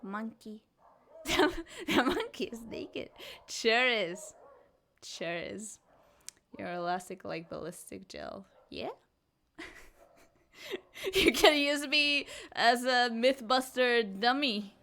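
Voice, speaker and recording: A woman's voice: a little high, expressive, takes it slowly, creaky, bright, forceful tone, slight background noise. A woman chatting casually on a live art stream, giggling often as she playfully answers chat while she draws.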